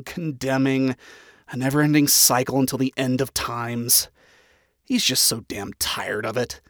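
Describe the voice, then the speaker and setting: A man narrates a story aloud in an even, dryly expressive reading. His voice sits in a middle pitch. The recording is close and dry, with no room sound. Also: no echo.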